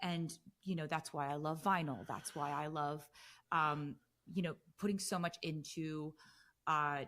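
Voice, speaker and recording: A woman in her thirties, a guest on a casual podcast, telling animated stories with lots of fillers. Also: deep voice, a little slow. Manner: chatty, animated storytelling with frequent fillers. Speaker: guest musician.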